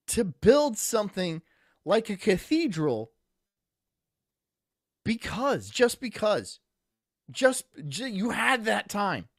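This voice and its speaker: A man's voice: high voice, no echo, clean studio sound. A man streaming casually, reading chat aloud and rambling through jokey asides.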